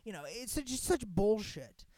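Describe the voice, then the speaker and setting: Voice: medium pitch, normal speed, no echo. A young adult podcast host in a casual ranting monologue, talking with lots of swearing, "like" fillers and restarts. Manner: animated and profane, heavy filler "like", frequent restarts.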